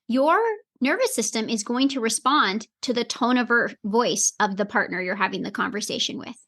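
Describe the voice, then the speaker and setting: Earnest higher-voiced woman health coach. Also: pushed and bright. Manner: earnest, explanatory, acts out inner dialogue. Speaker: integrative health coach, guest. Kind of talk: podcast interview answer.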